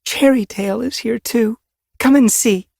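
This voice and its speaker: A man voicing a young female cat, Hawkwing's sister, warm and emotional, pitched high above his own voice. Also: a little slow, vocal fry, no room sound, clean studio sound, exaggerated voice. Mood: joyful. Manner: high, bright, emotional lift.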